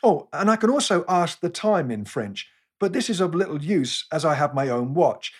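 Wry, husky-voiced English preacher. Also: male voice, fairly high pitch, animated, moderate pace. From England. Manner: wry, self-deprecating storytelling. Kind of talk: scripted sermon talk with humorous anecdotes.

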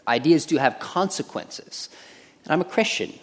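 A man in a stage debate, reasoning in an earnest, measured way. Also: fairly high pitch, animated. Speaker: Christian debater.

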